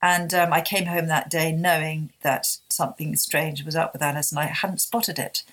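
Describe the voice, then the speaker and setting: A woman in her fifties, a guest speaking candidly and heartfelt in an interview, often halting and restarting. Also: deep voice, steady tone, a bit bright.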